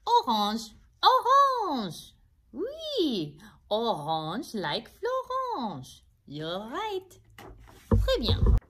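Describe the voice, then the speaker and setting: A woman voicing a cheerful blue-haired furry puppet who teaches children, speaking slowly and exaggerating each word for kids to repeat. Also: high voice, wildly swooping pitch, fairly bright tone, heavily acted. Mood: encouraging. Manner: slow, exaggerated, sing-song repeating for kids.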